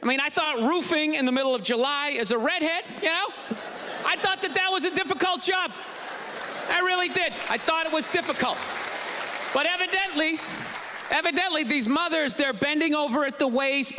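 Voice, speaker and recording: A man doing a sarcastic, ranting stand-up routine on a comedy stage, shouting his punchlines over a live audience. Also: very high-pitched. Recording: live stand-up with loud crowd and room noise.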